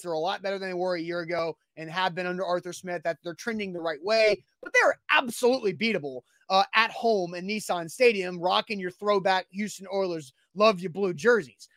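A man co-hosting a sports talk show, arguing his points emphatically and getting animated as he makes his case. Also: high voice, no room sound, clean studio sound.

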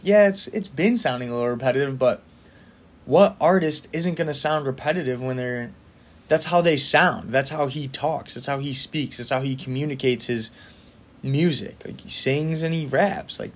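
A man hosting a solo podcast in a casual, opinionated way, talking fast with excited bursts. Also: medium pitch. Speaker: podcast host.

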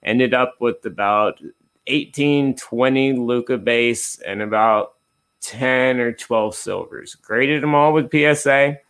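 A man's voice: medium pitch, takes it slowly, fairly bright tone, smooth. A man in a casual interview, speaking as a guest. He talks in an easygoing, rambling way with lots of restarts. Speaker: guest, card collector and dealer.

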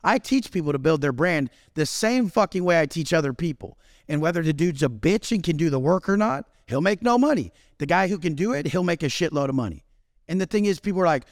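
Brash, profane man with lively pitch. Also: quick pace, no echo, clean studio sound. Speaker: podcast guest. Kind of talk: casual chat.

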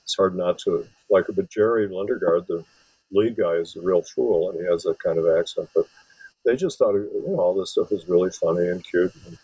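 A man's voice: sits low, brisk, dark tone, husky, dry recording, lo-fi sound. A man from Wisconsin, an author and film scholar, giving long rambling interview answers full of restarts. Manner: rambling, many restarts and fillers.

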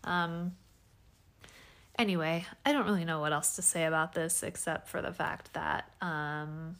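A woman in her thirties talking through a personal podcast monologue at home, soft-spoken and hesitant, with lots of fillers and trailing pauses. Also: low-pitched. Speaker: podcast host. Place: home bedroom.

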